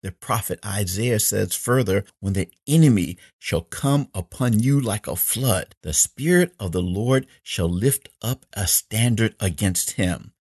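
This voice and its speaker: A man's voice: lowish voice, animated, measured pace, few pauses, darkish tone, breathy edge, dry recording, studio quality. A man preaching a sermon as pastor, emphatic and quoting scripture at length.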